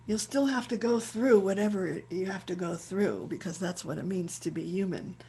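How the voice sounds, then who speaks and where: Mellow-voiced woman teaching on a video call. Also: mid-range voice, moderate pace, a little hiss or hum. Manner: searching, repeats words as she thinks aloud. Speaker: rabbi leading a chant session. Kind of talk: reflective spiritual teaching.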